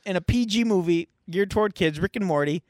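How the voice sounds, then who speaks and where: Podcast co-host, man, high voice, swears freely, animated retelling, dry close mic. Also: fairly quick, no room sound. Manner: animated, profane storytelling. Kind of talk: casual chat.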